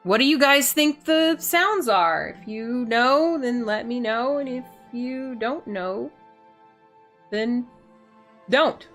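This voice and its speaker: Silly woman gamer streaming, bright highish voice, super bouncy, chatting w chat. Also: animated, slow pace, faint music behind. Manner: playful, silly, chats to viewers, giggles. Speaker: game streamer. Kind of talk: casual gaming stream chat.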